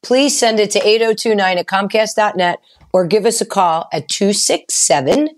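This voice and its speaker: A woman's voice: mid-range voice, normal speed. Chatty co-host woman. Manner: chatty, earnest. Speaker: mortgage expert co-host. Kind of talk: talk radio discussion.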